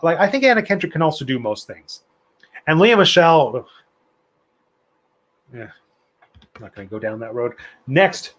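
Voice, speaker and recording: A man with a slightly raised pitch hosts a live trivia stream. He reads out questions and options and wanders off into playful, opinionated asides. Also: sing-song, moderate pace, pauses often, fairly bright tone. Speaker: trivia host.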